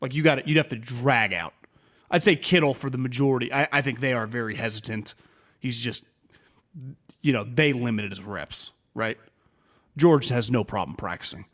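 A man co-hosting a casual sports podcast, talking in an animated way and acting out players' quotes. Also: medium pitch, moderate pace. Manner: animated, quotes players in mock voices, many restarts.

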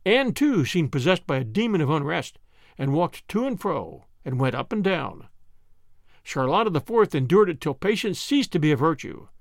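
Expressive male audiobook narrator. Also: fairly high pitch, no echo, clean studio sound. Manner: expressive storytelling.

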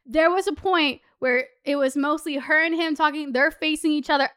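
A young woman telling a story in casual chat, animated and swearing, full of "like" fillers. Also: high voice, normal speed, hardly any pauses. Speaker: podcast host.

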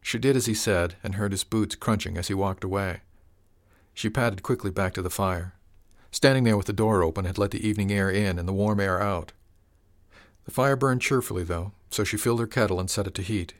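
A man narrating a story in a calm, measured, unhurried way. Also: fairly low pitch. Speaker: audiobook narrator.

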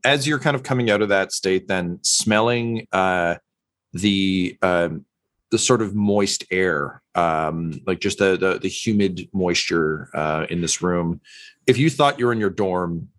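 A man's voice: sits low, measured pace, a bit bright, dry recording. A man narrating a tabletop game as game master, hesitant with many "um" and "uh" fillers.

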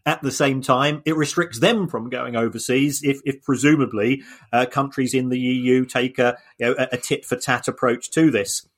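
Man, podcast co-host, mid-pitched voice, explanatory, halting with repeated words. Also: steady tone, a bit bright. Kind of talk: casual podcast discussion.

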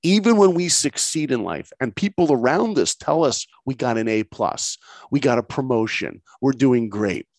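A middle-aged man telling a personal story in conversation, lively and acting out the voices of people he quotes. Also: medium pitch, moderate pace, dry recording. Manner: lively, acts out quoted voices, laughs often. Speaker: guest storyteller.

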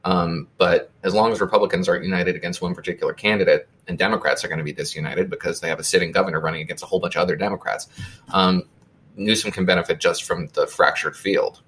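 Fast-talking deep-voiced male panelist. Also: fairly even intonation, a bit bright, a little hiss or hum. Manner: quick, musing, thinks aloud. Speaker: podcast panelist. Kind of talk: political discussion.

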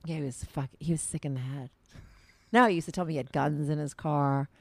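A woman in her thirties with a low voice hosts a casual podcast. She tells candid, rambling stories, peppered with "like". The sound is dry and close. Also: fairly quick, no room sound. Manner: candid, rambling storytelling with lots of "like". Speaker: podcast host. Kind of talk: casual chat.

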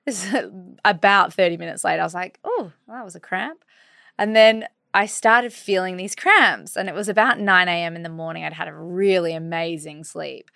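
A woman in her thirties with an Australian accent, co-hosting a podcast and telling a personal story in a casual, animated way. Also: fairly low pitch, normal speed, gravelly, smooth, no room sound, studio quality. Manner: animated, acts out her own quoted words. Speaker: podcast co-host.

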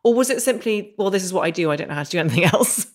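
A woman's voice: medium pitch, lively intonation, very fast. A woman hosting an interview, asking long, earnest questions. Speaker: podcast host.

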